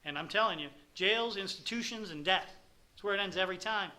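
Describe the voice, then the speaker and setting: Candid bright-voiced middle-aged man. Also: high voice, fairly quick. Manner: candid, rambling, blunt. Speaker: recovery meeting speaker. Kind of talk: personal testimony talk.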